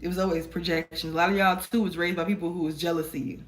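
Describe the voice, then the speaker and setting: A woman's voice: on the low side, steady tone, fast talker. A woman giving a casual tarot reading to her viewers, chatty and encouraging, calling them y'all, recorded on a phone camera. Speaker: tarot reader.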